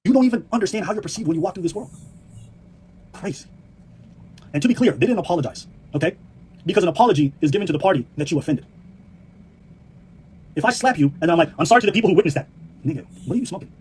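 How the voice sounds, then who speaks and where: A man's voice: high voice, animated, fast talker, long pauses, dark tone, a little hiss or hum. A man ranting in a clip, brash and mocking, heated and full of laughter. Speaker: online commentator. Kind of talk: profane reaction rant.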